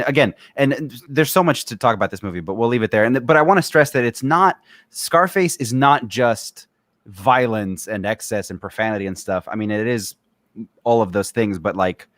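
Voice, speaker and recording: A man's voice: on the low side, a bit bright, dry recording, clean studio sound. A man co-hosting a film podcast, talking casually and enthusiastically about his favorite films, agreeing often. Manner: enthusiastic, agreeable, lots of yeah. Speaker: podcast co-host.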